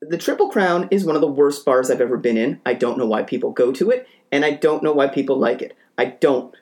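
A man's voice: medium pitch, brisk, a little mellow. A man co-hosting a podcast, talking in casual chat with blunt, opinionated rants. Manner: blunt, opinionated ranting with swearing. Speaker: podcast co-host.

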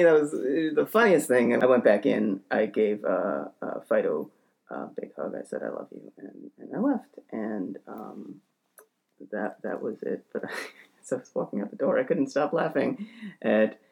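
Gravelly, rambling podcast storyteller, profane and self-mocking. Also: mid-range voice, animated, measured pace. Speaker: podcast co-host. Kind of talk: comic storytelling.

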